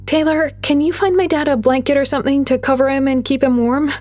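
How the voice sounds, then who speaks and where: A woman's voice: high voice, steady tone, brisk, darkish tone, faint music behind, pitched above the performer's own voice, natural voice. A woman voicing a scared, pleading young girl. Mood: urgent, pleading. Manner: urgent, pleading.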